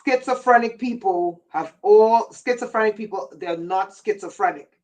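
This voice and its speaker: A woman's voice: medium pitch, normal speed, darkish tone, distant mic, rough recording. A woman hosting a livestream, delivering a rambling, intense monologue in a warning tone and answering viewers' chat comments by name. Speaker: livestream host.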